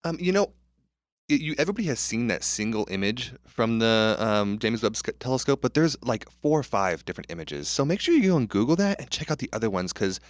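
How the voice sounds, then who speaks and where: A man's voice: mid-range voice, big pitch swings, brisk, no echo, studio quality. A man on a tech podcast, talking casually in a slightly hesitant way. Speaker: podcast co-host. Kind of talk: casual chat.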